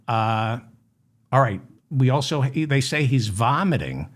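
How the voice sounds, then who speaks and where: Male comedy news host, dry and mock-grave, slow-paced, wide-ranging pitch. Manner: deadpan mock-serious, with sudden indignant outbursts. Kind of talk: satirical news monologue.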